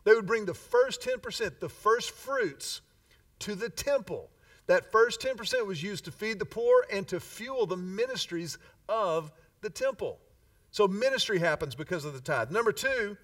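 Pastor guy preaching, folksy, kinda high voice, sounds a bit far from the mic. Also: big pitch swings, fairly bright tone. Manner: folksy storytelling, emphatic slow phrasing on key words. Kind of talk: sermon.

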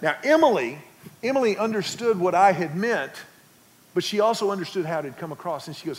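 High-voiced pastor in a reverberant hall. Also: male voice, expressive, fairly quick. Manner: storytelling with audience questions. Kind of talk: sermon.

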